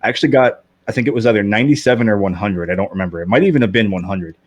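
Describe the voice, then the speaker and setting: Guy in his 30s, slight lisp, low voice, rambly casual podcast chat, dry sound. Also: very fast, no echo. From Canada. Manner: rambling, candid, many fillers and restarts. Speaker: podcast guest.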